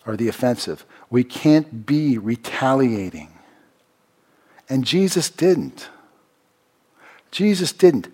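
A man delivers a sermon at an ordinary middle pitch. He drives his points home by repeating short phrases. His voice rises loud and high for emphasis, then drops low and quiet for reflective asides. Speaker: pastor.

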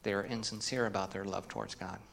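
A man's voice: on the low side, steady tone, quick pace, creaky, fairly bright tone, slight background noise. A man preaching a sermon as pastor, earnest, reading scripture with emphasis and putting questions to the congregation.

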